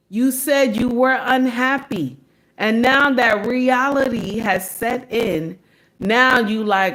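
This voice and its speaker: A woman's voice: a little high, slow pace, fairly bright tone. Sassy woman host preaching to chat. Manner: sassy, preachy, repeats lines for emphasis. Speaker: commentary host reacting to clips. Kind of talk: casual reaction commentary.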